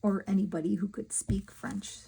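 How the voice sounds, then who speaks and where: A middle-aged woman chatting casually to her viewers while she works on a craft project, talking to herself in soft asides. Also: mid-range voice, little pitch movement, normal speed, creaky, background noise. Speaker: crafting vlogger.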